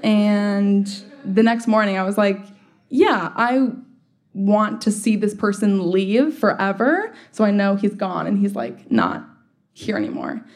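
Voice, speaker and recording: A woman's voice: mid-range voice, animated, a little slow. A young woman telling a personal story in a casual, chatty way, full of "like" fillers and wry laughs. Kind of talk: storytelling monologue.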